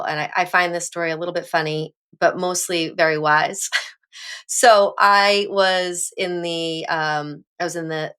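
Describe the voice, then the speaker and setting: A woman with a bright, forceful voice shares a personal story on a podcast. She talks in an animated, frank way, with an occasional curse word. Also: on the low side. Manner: animated, candid storyteller who swears now and then. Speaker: podcast co-host. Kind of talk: casual chat, personal storytelling.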